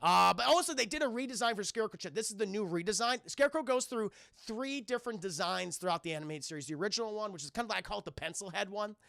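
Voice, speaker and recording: A man's voice: high voice, expressive, fast, gravelly, hardly any pauses, a bit bright, no room sound, studio quality. A man streaming a cartoon review, recapping scenes to his live chat in a rambling, profane, casual way with lots of restarts.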